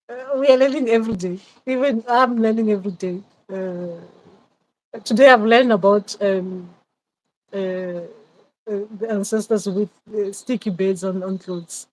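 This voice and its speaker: A woman's voice: mid-range voice, darkish tone, rough recording. A woman in a mid-range voice speaks outdoors in a loose, unscripted livestream chat. She is a spiritual advisor who reflects aloud and often hesitates. She repeats phrases as she works out her thoughts.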